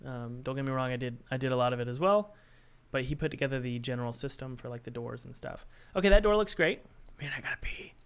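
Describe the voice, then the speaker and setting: A man's voice: mid-range voice, animated, fast, hardly any pauses, smooth. A young man chatting casually on a live stream, joking and thinking aloud while he works on his game.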